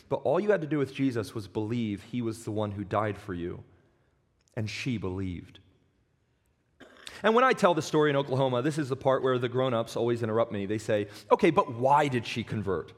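A pastor preaching a sermon, earnest and emphatic, slowing down for weight and sometimes stumbling over restarts. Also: male voice, mid-range voice. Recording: long hall reverb.

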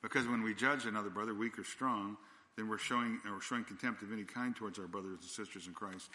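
Earnest low-voiced man preaching in a reverberant hall. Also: steady tone, fast talker, bright, forceful tone. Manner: earnest, repetitive, with frequent restarts and "again". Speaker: pastor. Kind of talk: sermon. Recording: long church-hall reverb.

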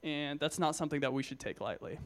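A man's voice: on the high side, quick pace. Young man giving a joking casual sermon. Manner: conversational, joking, many fillers and restarts. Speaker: Christian speaker at a youth gathering. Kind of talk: casual sermon with personal stories.

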